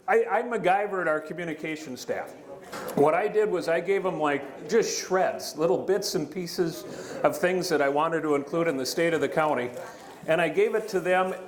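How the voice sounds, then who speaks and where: A man's voice: on the high side, normal speed. A middle-aged man giving a county address to a live audience in a large hall, in a folksy, joking, conversational way. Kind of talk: public speech with jokes. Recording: echoey hall with faint room noise.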